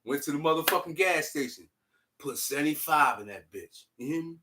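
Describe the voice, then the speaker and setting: A young man telling a personal story in casual, animated street slang, swearing freely. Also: a little high, a little fast, noisy background. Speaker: vlogger.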